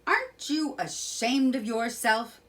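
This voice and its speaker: A woman's voice: on the high side, big pitch swings, slow, fairly bright tone, pitched above the performer's own voice, exaggerated voice. Commanding old badger, as a woman reads him. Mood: stern. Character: gruff, wise old male badger, commanding. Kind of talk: storybook reading for children.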